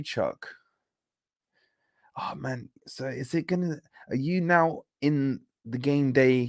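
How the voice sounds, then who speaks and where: Male streamer, casual, chatty, reads chat aloud, mid pitch, dry close sound. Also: no room sound. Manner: chatty, reads out viewer comments, jokey banter. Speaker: livestream host reading chat. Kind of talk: casual late-night live stream chat.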